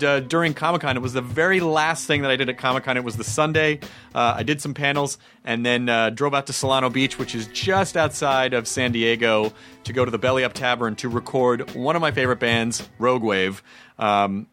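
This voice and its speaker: A man's voice: mid-range voice, a bit bright. A man hosting a podcast, reading ads and chatting casually, with plenty of "uh" fillers. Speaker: podcast host. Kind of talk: casual podcast chat and ad reads.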